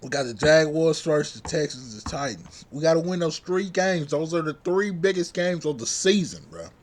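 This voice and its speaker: A man's voice: on the high side, very animated, moderate pace. A young man venting as a sports vlogger in a casual, heated fan rant, repeating himself and tossing in slang constantly. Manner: heated, repetitive, says bruh constantly.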